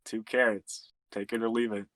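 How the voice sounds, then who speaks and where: Deadpan joking man, low voice. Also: normal speed, no echo. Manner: deadpan joking, stubborn bargaining. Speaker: podcast co-host. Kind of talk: casual chat with friends.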